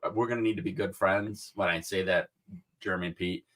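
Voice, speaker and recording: A man on a podcast chatting casually, moving between soft remarks and emphatic points. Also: deep voice, steady tone, a little fast. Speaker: podcast co-host.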